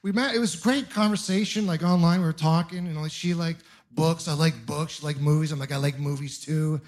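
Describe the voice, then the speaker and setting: A young man from Canada doing a stand-up comedy set on a club stage, telling rambling, self-deprecating stories with animated asides. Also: a little high, brisk.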